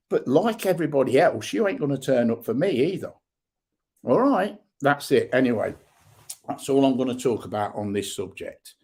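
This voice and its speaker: A middle-aged man, hosting a livestream and ranting bluntly with heavy swearing and shouted bursts. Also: medium pitch, husky. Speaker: livestream host. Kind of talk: angry livestream rant.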